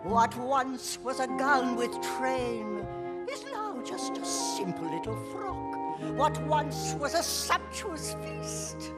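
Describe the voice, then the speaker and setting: A woman's voice: high-pitched, sing-song, slow pace, over loud music, heavily acted. A woman performing a worldly, sardonic older woman in a stage musical. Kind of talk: musical theatre singing.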